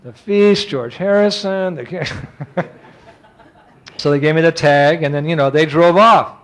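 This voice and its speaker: An older man in his sixties gives a storytelling lecture as a monk, his voice sitting slightly high for a man. He is animated and acts out the people in his story. He chuckles often as he goes. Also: slow.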